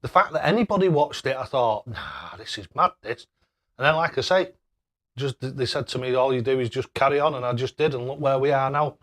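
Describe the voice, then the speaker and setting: A man's voice: medium pitch, fast, fairly bright tone. A man hosting a casual live stream, chatting away and thanking viewers by name with matey banter. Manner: matey banter, calls people mate.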